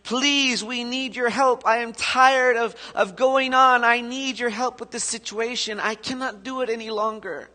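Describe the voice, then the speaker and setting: Man doing a desperate father, pleading, high strained voice, echoey church. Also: steady tone, unhurried, hardly any pauses, pushed and bright, heavily acted.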